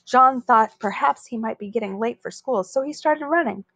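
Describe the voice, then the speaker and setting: A woman reading a children's chapter book aloud in a steady, expressive way. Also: a little high, normal speed, no echo. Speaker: story reader.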